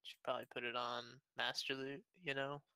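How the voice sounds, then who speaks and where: A man's voice: mid-range voice, level tone, fairly quick, bright, forceful tone, smooth, no echo. A young man on a headset in gaming voice chat, blunt and teasing.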